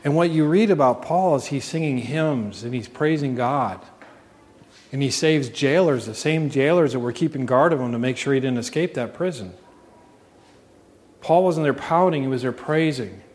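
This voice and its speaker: Man, pastor, earnest sermon, mid-pitched voice, reverberant hall. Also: normal speed, darkish tone. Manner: earnest preaching, asks the congregation questions. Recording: long reverb.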